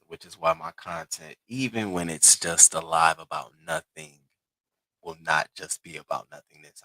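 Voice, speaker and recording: Deep-voiced chatty man hosting a livestream. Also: bright, forceful tone, dry recording. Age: 30s. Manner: chatty, reads viewers' comments aloud and answers them; acts out quoted people in higher voices. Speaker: livestream host. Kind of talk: casual livestream chat.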